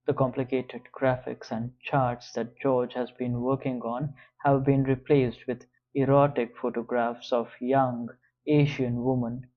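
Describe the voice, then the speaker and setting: A man reads a first-person novel aloud at an unhurried, deliberate pace. His delivery stays measured and even. The audio sounds slightly dull and muffled. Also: mid-range voice. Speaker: audiobook narrator. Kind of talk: first-person scripted narration.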